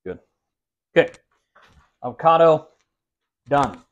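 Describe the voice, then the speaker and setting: A man's voice: a little high, lively intonation, slow, lo-fi sound. A man hosting a casual cooking vlog in a home kitchen, who cracks self-mocking jokes while he cooks. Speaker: cooking show host.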